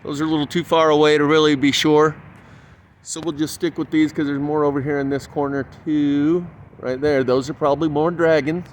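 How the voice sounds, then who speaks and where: A man's voice: fairly high pitch, flat delivery, fairly quick. A man, walking around a stone building outdoors and talking casually to his own camera as he points things out. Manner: chatty, pointing things out, counting aloud. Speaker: vlogger. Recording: outdoor handheld camera, faint street noise.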